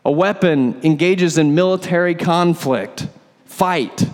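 A man's voice: on the high side, slow. A male pastor preaching a sermon, explaining scripture and asking rhetorical questions. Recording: long hall reverb.

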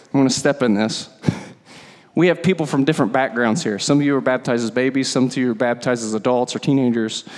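A man preaching a sermon as pastor, conversational and emphatic, often repeating words for stress. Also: medium pitch. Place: church sanctuary. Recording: long hall reverb.

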